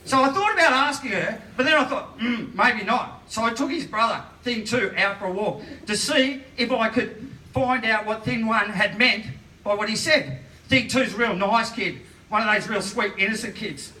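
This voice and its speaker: A man's voice: high voice, lively intonation, normal speed, pushed and bright, slight background noise. A man doing a rambling stand-up comedy set and laughing through his own punchlines, recorded live in a comedy venue. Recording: roomy live room, distant mic.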